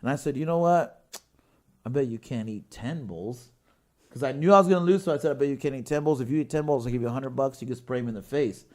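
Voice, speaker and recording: A man's voice: medium pitch, quick pace, darkish tone. Rambling man telling a wild story. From Washington State, US. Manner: rambling, swears a lot, laughs mid-story. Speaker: podcast host. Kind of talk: casual storytelling chat. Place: podcast studio with guests.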